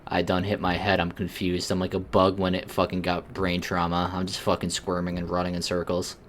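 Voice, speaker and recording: A man giving crude, mocking commentary while playing a video game, breaking into sudden yelps and shouts. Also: low-pitched, completely flat delivery, brisk, slight background noise. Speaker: gaming streamer. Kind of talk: profane let's-play commentary.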